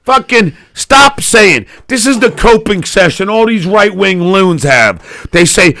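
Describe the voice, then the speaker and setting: A middle-aged man rants in a loud, sarcastic, profane way, his bright, forceful voice riding high and swooping widely. A gravelly fry runs under it, and the sound is close and dry. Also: sing-song, slow, dry recording. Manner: loud, profane, sarcastic, swinging between shouting and mumbling. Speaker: interview guest, comedian. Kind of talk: profane political rant and casual chat.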